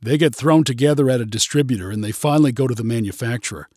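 A man voicing a calm, matter-of-fact female store manager in a read-aloud story. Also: medium pitch, fast talker, dry recording, studio quality, close to an everyday voice.

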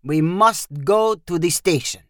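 A woman voicing a heavyset police officer in a story reading, speaking slowly and gravely. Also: fairly low pitch, animated, no echo, studio quality. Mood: stern. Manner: slow, grave, measured. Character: stern heavyset man, border town police officer.

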